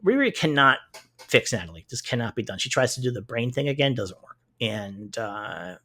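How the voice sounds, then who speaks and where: A man co-hosting a podcast, recapping a TV show in casual chat, animated and swearing freely. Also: medium pitch, moderate pace. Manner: animated, swears freely, acts out characters' lines in retelling. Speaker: podcast co-host.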